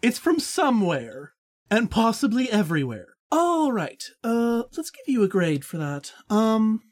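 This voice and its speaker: A woman's voice: fairly high pitch, big pitch swings, a little slow, a little mellow. A woman co-hosting a podcast in casual chat, teasing and hesitant with fillers. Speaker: podcast co-host.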